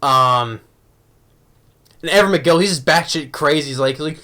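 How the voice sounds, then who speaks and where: A man's voice: fairly high pitch, normal speed, bright, forceful tone. A young man casually reviewing a movie, rambling with many restarts and laughs.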